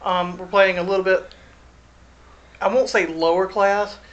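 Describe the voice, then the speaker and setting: A director confidently explaining the choices made for the cast. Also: female voice, medium pitch, steady tone, unhurried, highs cut off, slight background noise. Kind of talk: casual interview chat.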